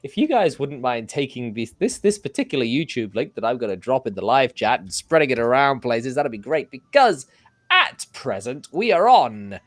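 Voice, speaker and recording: A man's voice: medium pitch, sing-song, normal speed, no echo. A man hosting his own livestream in casual chat, playfully keeping his guests in order. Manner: playful, bossy moderator. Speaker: livestream host.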